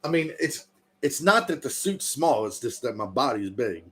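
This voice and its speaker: A man in his thirties hosts his own livestream, chatting casually and joking, often swearing and laughing. His mid-range voice is sing-song, a bit bright and slightly rough, at a normal speed.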